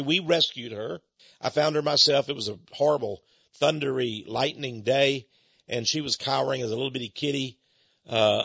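A man hosts a radio show in a rambling, teasing, folksy way, often chuckling. His voice is gravelly and a bit husky. The studio sound is dry and slightly dull. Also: medium pitch, bright, forceful tone, no echo.

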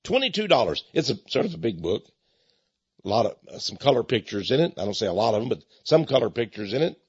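A man's voice: mid-range voice, sing-song, fast, husky, no echo. Chuckling, stammering male preacher. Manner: chuckling storyteller with many stammered restarts. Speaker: author and Christian speaker. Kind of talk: folksy preaching and book pitch. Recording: dull lo-fi recording.

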